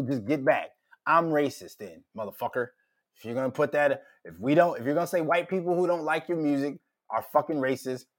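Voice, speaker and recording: A middle-aged man from Minnesota hosting a podcast, ranting casually with lots of profanity and heated outbursts. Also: mid-range voice. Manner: profane, heated, loud rants. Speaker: podcast host.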